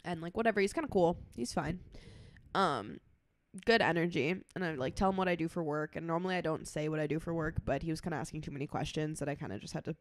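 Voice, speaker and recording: A woman's voice: low-pitched, fast talker. A woman co-hosting a casual podcast, telling stories with lots of "like" and acting out what people said. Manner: storytelling with lots of "like" and acted-out quotes. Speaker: podcast co-host. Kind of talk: casual chat.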